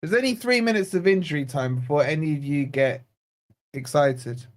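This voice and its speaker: A man's voice: a little high, normal speed. Blunt, exasperated man. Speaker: fan channel host. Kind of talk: live football watch-along commentary.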